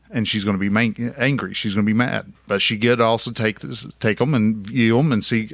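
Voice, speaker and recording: A man's voice: lowish voice, steady tone, brisk, creaky, hardly any pauses, a bit bright, no room sound, studio quality. A young man talking casually on his podcast, rambling and folksy, correcting himself as he goes. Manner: rambling, folksy, self-correcting with many restarts. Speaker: podcast host. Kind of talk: casual solo podcast monologue.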